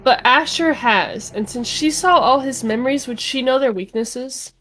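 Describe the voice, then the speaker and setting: Curious female tabletop player, higher pitch, relaxed. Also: moderate pace, a little hiss or hum, poor audio. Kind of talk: casual chat while playing a tabletop game.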